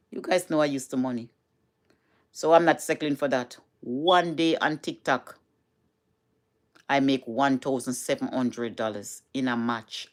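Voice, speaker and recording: A middle-aged Jamaican woman with a Jamaican accent, chatting casually to camera in a vlog from home, repeating herself and slipping into patois. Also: low-pitched. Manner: chatty, repetitive, switches into patois. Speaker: vlogger.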